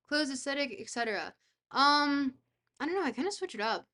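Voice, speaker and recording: A young woman streaming a geography guessing game, reacting excitably, swearing freely and talking to her chat. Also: high voice, a little fast. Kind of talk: casual live-stream chat while playing a geography game.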